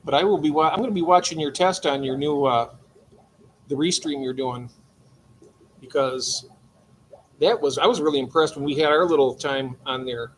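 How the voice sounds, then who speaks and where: A man's voice: fairly high pitch, normal speed, pauses often, slight background noise. Chatty older man hosting a late stream. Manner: chatty, greets chat members warmly by name. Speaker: livestream host. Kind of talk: late-night livestream chat. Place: home aquarium room.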